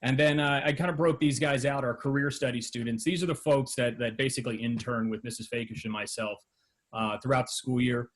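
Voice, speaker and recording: A man's voice: medium pitch, steady tone, brisk. Male, middle-aged, school media teacher; loose spoken remarks at a board meeting, lots of fillers. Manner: conversational, with frequent fillers and restarts. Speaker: high school TV program advisor.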